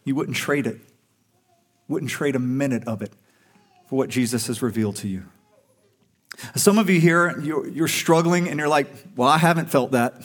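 A man's voice: mid-range voice, moderate pace, long pauses. A male pastor preaching a sermon to a congregation in a conversational, earnest way, pushing up for emphasis on key points.

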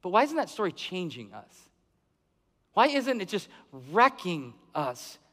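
A man's voice: high voice, very animated, measured pace, sharp tone. A middle-aged man preaching a sermon, conversational, asking the congregation questions and acting out the people he quotes. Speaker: pastor. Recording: long hall reverb.

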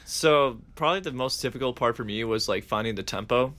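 A young man speaks at an everyday mid pitch, a theatre student telling a story from rehearsal. He fills his sentences with "like" and keeps things chatty and relaxed. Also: brisk. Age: young adult. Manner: chatty, says "like" constantly. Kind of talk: casual interview answers.

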